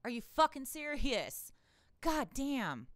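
A woman's voice: high-pitched, big pitch swings, slow pace, a bit bright, dry recording. A woman hosting her own political commentary channel, ranting in an irritated, sarcastic way with plenty of profanity and exasperated laughs.

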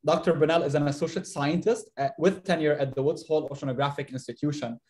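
A man's voice: a little high, fairly even intonation, fast talker, a little mellow. A man hosting a seminar and introducing the speaker, reading with occasional stumbles over a video call. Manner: reads introduction with fillers and stumbles. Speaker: seminar host.

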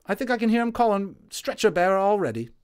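A chirpy young army medic from the First World War, as a male reader puts him on, pitched well above the reader's own voice and bouncing up and down. He chats away cheerfully and drops his h's in a storybook reading. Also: big pitch swings, fast talker, a little mellow, clean tone. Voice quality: dropped h's, chatty folksy speech. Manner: cheerful, reassuring.

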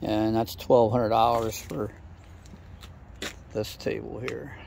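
A man's voice: lowish voice, flat delivery, slow pace, vocal fry. A man narrating a casual walkthrough, listing prices in a plain, matter-of-fact way on a handheld camera mic. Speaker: camera operator and co-host. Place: outdoors at furniture stores. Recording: outdoor street noise. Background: traffic and outdoor noise.

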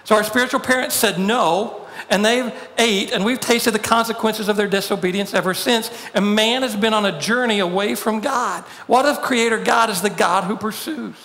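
A man's voice: high voice, normal speed, gravelly, hardly any pauses, sharp tone, long reverb tail. A man preaching a sermon as pastor, building his points through repeated rhetorical questions and emphatic quoted lines.

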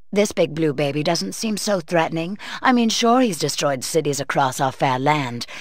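A woman's voice: lowish voice, a bit bright, dry recording. An actress voicing a power-hungry, feisty woman in a video game who hisses taunts. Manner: hissing, taunting. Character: power-hungry female agent, feisty and scheming.

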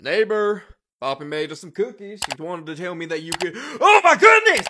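A performer voicing an excitable, fussy puppet who yells and shrieks in a comedy fan dub. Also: brisk, a crowd in the background, lightly acted. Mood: fussing. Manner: shrill, frantic yelling.

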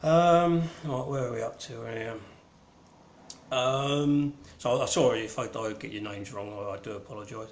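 A man's voice: mid-range voice, moderate pace, echoey room, slight background noise. A man with a Cockney accent hosting an online gallery show in casual, rambling, irreverent chat full of ums. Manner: rambling and irreverent, with many ums and mild swearing. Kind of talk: casual live-stream chat.

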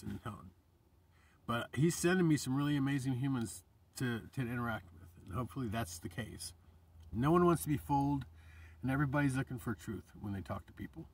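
A man's voice: medium pitch, fairly quick, husky, distant mic. A man giving an emotional, rambling spiritual monologue to camera, choked up and sighing, sometimes dropping to a whisper. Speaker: vlogger.

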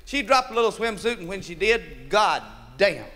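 A stand-up comedian telling a raunchy, profane joke and laughing along with it. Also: male voice, high voice, very animated, normal speed, pushed and bright, a little hiss or hum. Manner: raunchy, profane, laughing at his own jokes.

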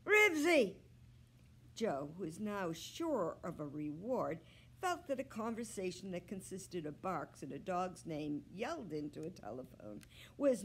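A librarian woman reading a children's book aloud with slow, expressive storytelling. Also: mid-range voice, a little hiss or hum.

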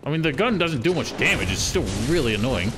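A man streaming a video game, cursing and yelling at the enemies with frustration. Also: fairly high pitch, big pitch swings, fast talker, over music. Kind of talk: live game commentary.

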